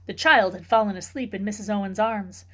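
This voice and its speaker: Female reader for a book club, mid-pitched, steady storytelling narration. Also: fairly quick. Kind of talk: reading a novel aloud.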